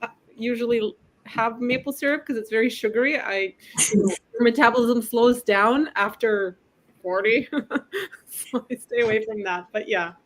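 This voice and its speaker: A woman's voice: on the high side, normal speed. A woman in her forties from the former Soviet Union, with a faint Eastern European accent, chatting as a podcast guest and laughing easily. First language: not English, came at eleven. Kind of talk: casual chat.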